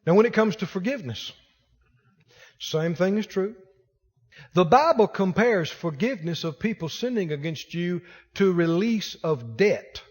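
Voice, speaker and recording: A man's voice: high voice, lively intonation, measured pace, long reverb tail. A male pastor preaching a sermon, acting out the voices of the people he quotes.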